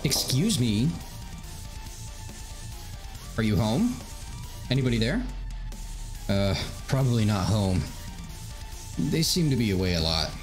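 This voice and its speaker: A man's voice: lowish voice, sing-song, slow, long pauses, faint music behind. A man voicing a young woman student who complains politely about noise.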